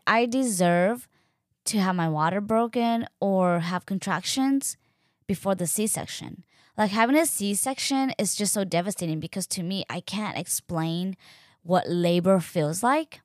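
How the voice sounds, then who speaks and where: A young woman telling a personal story in a chatty, animated way, full of "like" and acted-out quotes. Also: lowish voice, no room sound, clean studio sound. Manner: animated, chatty, fills speech with "like", acts out quotes. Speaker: podcast host. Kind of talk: casual storytelling.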